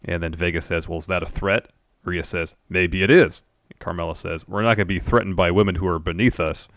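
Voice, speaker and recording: Male co-host, very low voice, dry sound, plain and matter-of-fact delivery. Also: fairly even intonation, fairly quick, fairly bright tone, no echo. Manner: matter-of-fact recapping, frustrated complaints. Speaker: podcast co-host. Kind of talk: casual wrestling recap chat.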